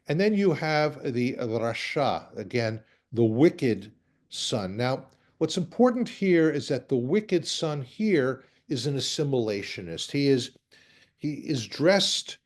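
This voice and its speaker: A man's voice: medium pitch, darkish tone. A man, a rabbi giving a conversational lecture with wry asides while showing slides.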